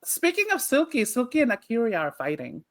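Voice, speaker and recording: A woman's voice: on the high side, wildly swooping pitch, brisk, a loud crowd. A woman co-hosting a casual podcast, opinionated and blunt, swearing and laughing often. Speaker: podcast co-host.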